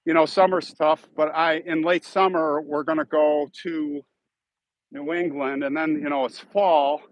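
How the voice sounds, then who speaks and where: Chatting with his live-stream audience, this Chicago-accented YouTube host from Chicago, United States, rambles along and thanks donors. He speaks at a measured pace in a fairly high, level voice, and the audio is poor but has no echo.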